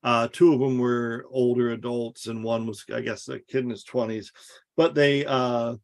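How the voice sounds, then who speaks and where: A man's voice: mid-range voice, flat delivery, moderate pace. A man co-hosting a podcast, chatting casually and sarcastically about politics and swearing freely. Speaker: podcast co-host.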